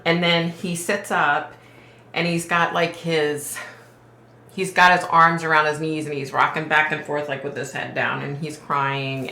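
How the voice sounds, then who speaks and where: A woman's voice: deep voice, sharp tone, reverberant, slight background noise. A woman vlogger telling viewers about a psychic dream, hesitant and emotional, with frequent sighs and ums. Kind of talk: casual retelling to viewers.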